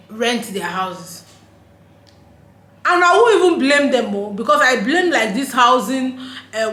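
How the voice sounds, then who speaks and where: A woman's voice: fairly high pitch, sharp tone. A woman from Nigeria with a Nigerian accent, vlogging in a casual, emphatic monologue, laughing often and slipping into pidgin phrases. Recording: roomy echo.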